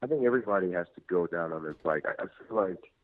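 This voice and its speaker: A man in his thirties from Nigeria, a guest telling relaxed stories over the phone and laughing often. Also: deep voice, fast. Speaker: guest actor. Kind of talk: casual phone interview. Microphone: phone line. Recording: tinny dry phone line.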